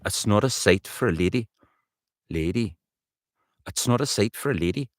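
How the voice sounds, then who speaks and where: A man's voice: on the low side, expressive, moderate pace, dry recording, clean studio sound, natural voice. A man voicing a slatternly Newcastle woman from an audiobook, trying a Geordie accent and rehearsing her lines over and over. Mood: weary. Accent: attempted Geordie.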